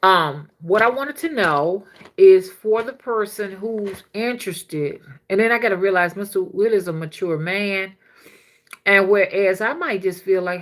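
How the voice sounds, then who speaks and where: A woman's voice: mid-range voice, measured pace. A woman, hosting a casual livestream as a spiritual reader and chatting with viewers. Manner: chatty, laughs often, slangy and animated.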